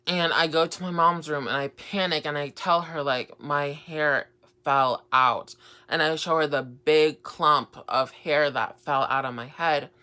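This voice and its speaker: A young woman chats through a personal story on her vlog, wandering with fillers and repeated starts. Her voice is bright and clean, and she speaks unhurriedly. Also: low voice, steady tone, measured pace, clean tone. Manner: rambling, lots of fillers and repeats. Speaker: vlogger.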